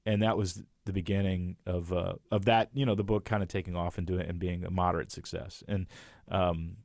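A man's voice: deep voice, brisk, gravelly, no echo, clean studio sound. A middle-aged man, a guest author, telling stories in casual conversation, acting out quotes and laughing often. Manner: animated storyteller, acts out quotes, laughs often. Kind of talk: casual storytelling chat.

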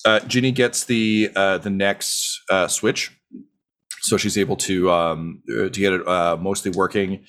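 A young man narrating a tabletop game as game master, halting with many ums and uhs. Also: deep voice, fairly even intonation, fairly bright tone.

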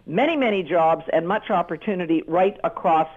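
A woman's voice: animated, a little fast. Rallying woman panelist on a tinny phone line. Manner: indignant, rallying, pitch leaps on stressed words.

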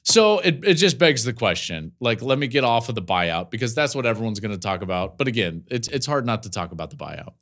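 A college football analyst in his forties talks through the week's news. His mid-range voice swings widely in pitch, and he keeps slipping into laughing asides and quick stories as he goes. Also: very animated, a bit bright. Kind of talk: podcast commentary.

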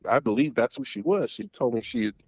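A man's voice: mid-range voice, animated, breathy edge, no echo. Middle-aged male caller, dull lo-fi call. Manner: rambling, halting, with many restarts and fillers. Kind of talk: casual storytelling. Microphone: phone call.

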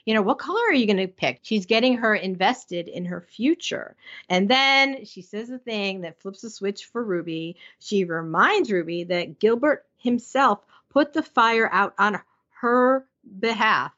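A woman's voice: medium pitch, unhurried, fairly bright tone. A woman co-hosting a podcast in casual chat, easygoing and laughing often. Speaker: podcast co-host. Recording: dull lo-fi audio.

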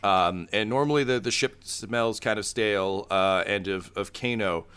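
Man, game master, halting narration, smooth clear tone. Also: on the low side, fairly bright tone. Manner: halting, many fillers.

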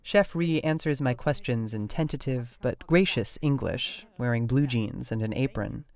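A man hosting a podcast, telling the story in measured, descriptive scripted narration. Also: medium pitch, a little mellow.

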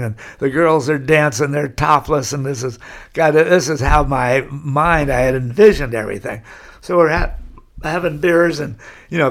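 An older man from California, telling long anecdotes in an interview and chuckling as he goes. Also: mid-range voice. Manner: rambling anecdotal storyteller, chuckles. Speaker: guest. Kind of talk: storytelling interview.

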